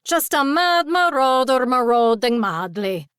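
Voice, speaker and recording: A woman voicing a feisty, cheeky male pixie with a squeaky voice, a hint of a Scottish accent and a taunting, sing-song way of talking. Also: very animated, unhurried, fairly bright tone, clean tone, dry recording, clean studio sound, heavily acted. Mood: defiant taunting.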